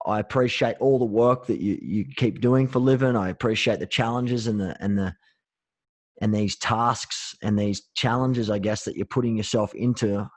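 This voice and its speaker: A male podcast host with a lowish voice, recorded dry with almost no room sound. He encourages his guest warmly and trips over his words, repeating them as he goes. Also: no echo. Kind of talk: interview chat.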